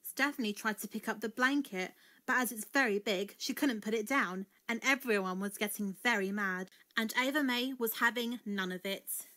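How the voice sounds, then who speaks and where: A woman narrating a children's story in an expressive read-aloud manner. Her voice sits somewhat high. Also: normal speed, hardly any pauses.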